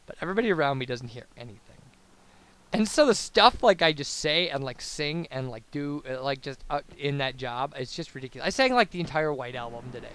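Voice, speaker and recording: A man's voice: medium pitch, lively intonation, brisk, fairly bright tone, smooth. A young man rambling casually as a let's play commentator, babbling through tangents with lots of fillers. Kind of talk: casual post-commentary chat over gameplay.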